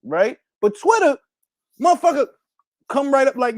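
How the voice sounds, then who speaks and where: A man in a loose, profane rant, his pitch leaping all over the place. He talks in street slang and drops into Spanish phrases, and the sound is close and dry with no room around it. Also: very animated, a little slow, a little mellow, dry recording. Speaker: podcast host. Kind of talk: casual rant.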